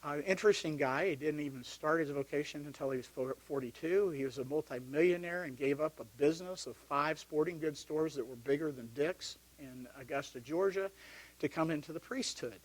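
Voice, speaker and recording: Storytelling deacon, higher-pitched man. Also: a little fast. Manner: storytelling, animated when recounting yelling. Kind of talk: personal testimony talk. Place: parish hall.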